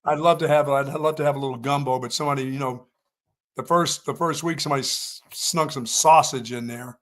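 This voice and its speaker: A man's voice: medium pitch, steady tone, a little fast, a bit bright. A man co-hosting a sports radio show, telling joking stories in casual chat. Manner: joking storyteller, laughs at himself.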